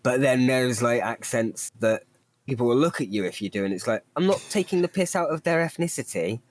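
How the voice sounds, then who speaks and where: A man's voice: mid-range voice, lively intonation. Joking man chatting on a podcast. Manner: joking, laughs often, quick asides. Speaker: podcast co-host. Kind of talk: casual comedic chat.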